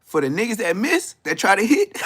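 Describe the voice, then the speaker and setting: There's a breathy edge to this LA-accented man's voice as he roasts people on a YouTube live stream. In his fifties and from Los Angeles, he uses loud, mocking street talk, laughing often and jumping into high-pitched bursts.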